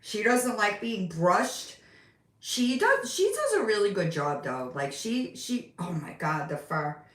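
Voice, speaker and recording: A middle-aged woman talks her way through a relaxed home live stream, unhurried and meandering. Her voice sits back from the microphone, and the room around her rings with echo. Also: mid-range voice, far from the mic. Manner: chatty, rambling, talks to her cats in baby voice. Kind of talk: casual live-stream chat. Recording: roomy sound, voice off from the mic.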